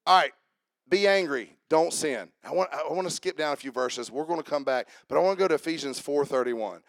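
A pastor delivers a sermon in a fairly high male voice that sits close and dry on the mic. He keeps it lively and conversational, calling out to the congregation and pulling people up front. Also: fairly quick, dry recording. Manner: lively, interactive, calls on the congregation. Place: church.

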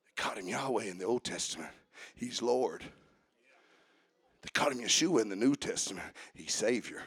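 A man preaching a sermon, swinging from quiet talk to shouting and chanting as he coaches the congregation. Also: lowish voice, expressive, normal speed, breathy edge, no echo.

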